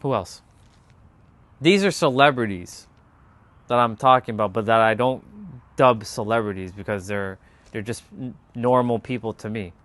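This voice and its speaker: A man's voice: fairly low pitch, normal speed, a bit bright, no room sound. A man chatting casually on his live stream, laid-back and rambling as he talks straight to his viewers.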